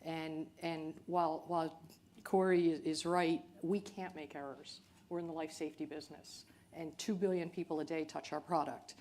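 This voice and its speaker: A woman speaking as a company chief executive on a panel, in a measured, earnest way. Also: low-pitched, steady tone, darkish tone. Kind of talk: panel discussion.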